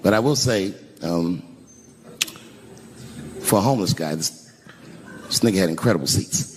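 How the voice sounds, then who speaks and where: A middle-aged man doing stand-up comedy, telling a story with sudden jumps into high voices for punchlines. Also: normal speed, big-room sound. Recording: live comedy stage with audience noise.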